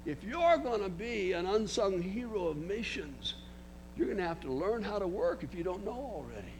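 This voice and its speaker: A man's voice: high voice, lively intonation, normal speed, a bit bright, a little hiss or hum. An older man preaching a sermon, emphatic, with frequent restarts and words spelled out for emphasis.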